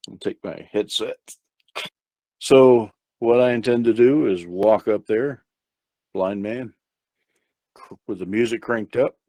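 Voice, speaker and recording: A man playing a tabletop game, with a fairly low voice that sounds dry and close. He talks casually, thinking aloud as he lays out his plan. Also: dark tone, no echo. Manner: thinking aloud, loose planning. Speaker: player.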